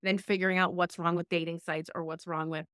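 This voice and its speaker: A woman's voice: on the low side, level tone, fairly quick, a bit bright, clear, resonant tone, dry recording, clean studio sound. A woman life coach giving direct, emphatic dating advice in a podcast interview, often repeating key phrases for emphasis. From United States. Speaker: life coach and relationship expert guest.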